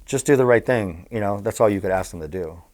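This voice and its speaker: This middle-aged man from Southern California speaks fast in a lowish voice, telling crude, blunt stories with plenty of animation. He's a former bookmaker chatting casually as an interview guest.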